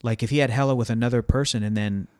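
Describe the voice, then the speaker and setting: A man co-hosts a laid-back podcast conversation, rambling and full of fillers and restarts. The mid-range voice is quick, a little mellow, and fairly even in intonation, captured in a dry, clean studio recording.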